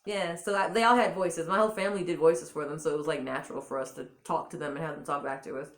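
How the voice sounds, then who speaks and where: A woman talking as an interview guest, animated and laughing often as she tells stories. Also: deep voice, fast, reverberant. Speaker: guest, voice performer. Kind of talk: casual interview.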